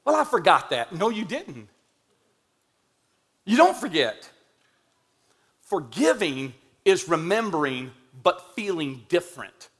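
High bright-voiced preacher man. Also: takes it slowly, long pauses. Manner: animated, humorous, emphatic retelling. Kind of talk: storytelling sermon.

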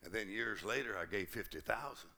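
A male pastor preaching a sermon to a conference congregation, lively and humorous, acting out little quoted exchanges. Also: lowish voice, fairly quick. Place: church conference.

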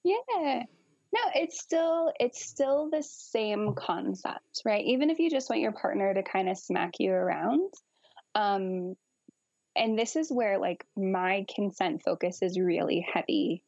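A woman's voice: medium pitch, lively intonation, a little slow, creaky, a little mellow, dry recording, highs cut off. A woman guest on a podcast, talking frankly and casually with frequent laughter and swearing. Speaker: guest kink educator.

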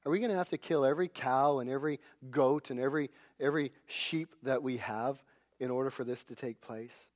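A preacher doing an exasperated, doubting Moses. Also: male voice, medium pitch, natural voice. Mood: incredulous. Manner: rapid incredulous questions. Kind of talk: retelling a scripture story in a sermon.

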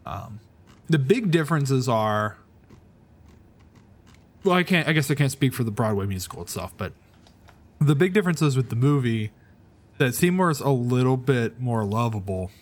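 A man's voice: mid-range voice, expressive, normal speed, long pauses. A man with a mid-range voice co-hosts a casual podcast. He rambles and stops short, often starting his sentences over. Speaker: podcast co-host. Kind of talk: casual chat.

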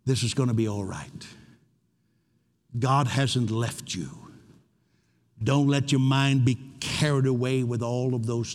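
A man preaching as a pastor, earnest and repeating his phrases, slowing down to press key words, then leading the room in a prayer and an altar call. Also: medium pitch. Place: large church hall. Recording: long reverb of a large hall.

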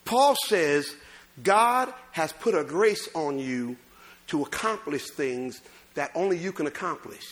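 A man preaching a sermon as pastor, swinging between loud bursts and low asides. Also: expressive, takes it slowly.

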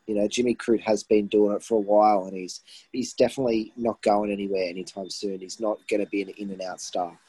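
Give me a laid-back Australian man with a low, husky voice, chatting on a podcast call. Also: level tone, a little fast, warm tone, no echo, rough recording. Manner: laid-back, lots of "you know". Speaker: podcast co-host. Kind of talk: casual chat. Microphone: remote call, patchy line.

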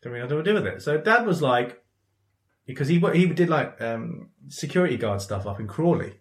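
An English podcast host with a medium-pitched voice tells a story briskly in casual chat. He animatedly acts out the voices of the people in it and laughs often. The room sounds roomy and echoey.

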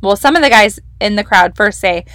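A young woman hosts a devotional podcast, teaching from the Bible in a casual, enthusiastic, emphatic style. Her mid-range voice is expressive and fairly bright, and she speaks fairly quickly. The studio recording is clean, with no room sound.

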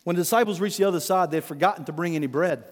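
A man's voice: high voice, rapid-fire, big-room sound. A man preaching a sermon in a conversational way, calling his listeners friends. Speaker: pastor.

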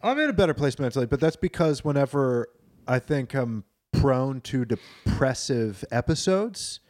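A man's voice: medium pitch, animated, moderate pace, darkish tone, dry recording. Young male podcast co-host, loose and profane, mid-range voice, dry close mic. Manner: loose, profane, rambling storyteller. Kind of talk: casual banter.

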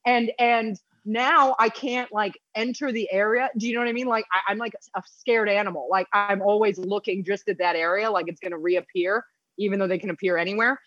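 Profane animated American woman, dull sound. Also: mid-range voice, brisk, no room sound. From United States. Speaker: podcast guest. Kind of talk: casual storytelling chat. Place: apartment in London.

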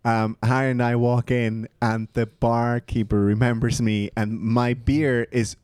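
A man with a mid-pitched voice chatting casually on a podcast. He starts sentences haltingly and restarts often, recorded dry and close. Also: level tone, darkish tone, clean tone, no echo. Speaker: podcast co-host. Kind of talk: casual chat.

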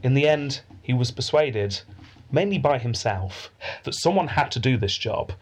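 A man's voice: medium pitch, expressive, normal speed, husky. A man hosting a podcast, telling a history story in a chatty way and laughing easily. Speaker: podcast host.

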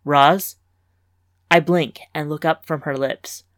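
Woman, story narrator, wry and lively, somewhat low voice, dry studio sound. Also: normal speed, no room sound. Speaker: story reader and host. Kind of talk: scripted fiction narration.

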